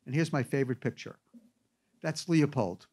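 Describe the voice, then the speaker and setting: A man's voice: medium pitch, moderate pace, husky. A man giving an anecdotal classroom lecture, telling stories with wry asides. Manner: animated storyteller with wry asides.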